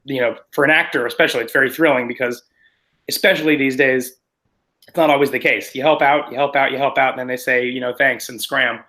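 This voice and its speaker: A man, a stage actor, chatting in an interview in an animated, self-deprecating, rambling way. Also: mid-range voice, fast talker, rough recording. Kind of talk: casual interview chat.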